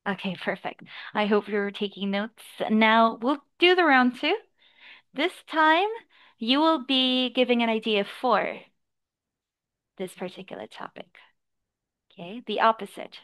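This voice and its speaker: Woman, IELTS speaking tutor, slightly higher voice, patient explanations. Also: expressive, fairly bright tone, clear, resonant tone. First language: English. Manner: encouraging, explains slowly with examples. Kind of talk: online speaking lesson feedback.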